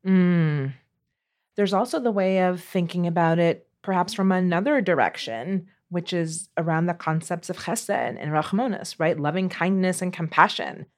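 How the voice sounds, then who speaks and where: A woman's voice: fairly low pitch, moderate pace, a little mellow. A woman co-hosting an advice podcast, talking through a listener's question in a thoughtful, casual way. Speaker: podcast co-host.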